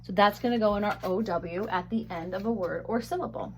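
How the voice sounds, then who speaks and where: A woman teaching a phonics lesson, sounding out words slowly and carefully on a webcam microphone. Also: medium pitch, darkish tone, slight background noise.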